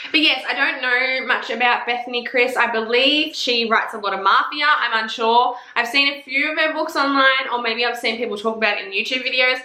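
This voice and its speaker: A woman's voice: a little high, pushed and bright. A young Australian woman with an Australian accent, chatting casually to camera as a book vlogger, blunt and playful, swearing freely. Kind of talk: casual chat. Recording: echoey room.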